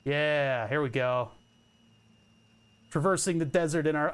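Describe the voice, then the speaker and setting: A man's voice: on the high side, moderate pace, pauses often, clean tone. Rambling jokey male game streamer. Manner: rambling, self-mocking, jokey asides to chat. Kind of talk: casual gameplay commentary.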